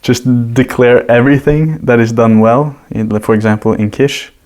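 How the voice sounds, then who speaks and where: A man's voice: mid-range voice, normal speed, darkish tone. A man as a guest on a podcast, explaining his ideas casually and at length with examples. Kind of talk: casual conversational interview.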